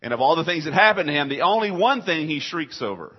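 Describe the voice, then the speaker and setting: A pastor preaches a sermon, posing rhetorical questions and answering them himself in call-and-response style with the congregation. He swings dramatically from hushed, low passages to loud, high, emphatic, rising questions, talking fast and animatedly with few pauses and a breathy edge. The sermon recording is dull and lo-fi.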